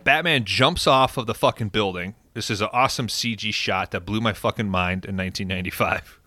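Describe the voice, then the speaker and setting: Male podcast host, low and bright, animated profane storyteller, dry sound. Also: fairly quick, no room sound. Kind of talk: casual film recap.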